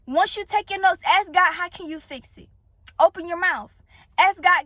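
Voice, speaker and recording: A woman's voice: extremely high pitch, moderate pace, bright, forceful tone, dry recording. A woman giving an earnest, faith-based motivational talk to camera, addressing her viewers directly. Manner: earnest, preachy, speaks straight to viewers. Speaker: vlogger giving encouragement.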